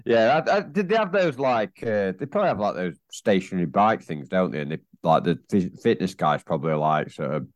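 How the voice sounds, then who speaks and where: A man rambles through stories as a podcast co-host. His voice is low but swings widely in pitch, and it sounds close and dry. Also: a little fast, few pauses, no echo. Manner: rambling, animated storyteller. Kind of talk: casual chat.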